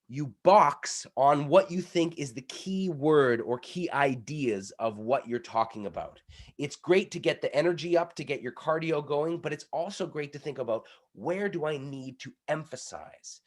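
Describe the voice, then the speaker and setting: A man coaching public speaking, energetic and demonstrative, while he is sick. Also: normal speed. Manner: energetic, demonstrative, shifts between loud pitch demos and quieter explanation. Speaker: pitch coach. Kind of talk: coaching workshop talk.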